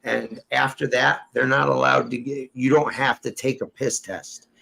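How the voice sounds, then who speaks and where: Gravelly man telling a profane tall tale. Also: mid-range voice, level tone, moderate pace, sharp tone, low-quality recording. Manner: rambling, profane, acts out quoted dialogue. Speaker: storyteller guest. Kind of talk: casual profane storytelling.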